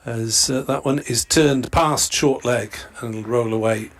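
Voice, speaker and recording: A man giving steady, matter-of-fact ball-by-ball cricket commentary. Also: mid-range voice, measured pace.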